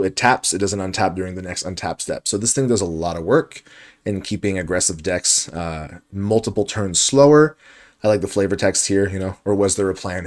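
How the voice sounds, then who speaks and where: A man giving live commentary on a card game match as the stream host, thinking aloud, weighing options and correcting himself as he goes. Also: on the low side. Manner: chatty, self-correcting.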